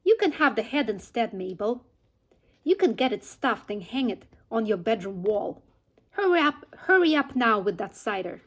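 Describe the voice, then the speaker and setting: A woman's voice: fairly high pitch, very animated, normal speed. A woman voicing an impatient, bossy farmer's wife who snaps orders from upstairs in a storybook reading. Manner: snapping orders.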